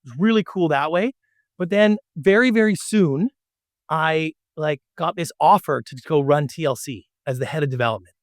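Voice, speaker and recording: A middle-aged man telling a story as an interview guest, animated and acting out the dialogue. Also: a little high, normal speed, dry recording, studio quality. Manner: animated, acts out quoted dialogue. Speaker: podcast guest.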